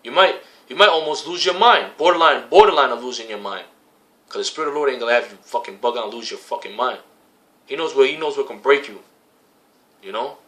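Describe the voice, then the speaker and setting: A man with a bright, forceful voice preaching in loose street talk. He swears freely, quotes scripture and hammers his points home with repeated phrases. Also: medium pitch. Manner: profane and slangy, repeats phrases for emphasis. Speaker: religious camp member preaching. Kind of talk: casual street-style preaching.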